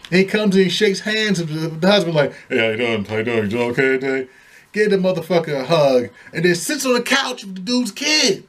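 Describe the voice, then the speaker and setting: Animated, swearing man ranting. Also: fairly high pitch. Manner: heated, swearing, animated storytelling. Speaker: vlogger. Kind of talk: casual profane rant.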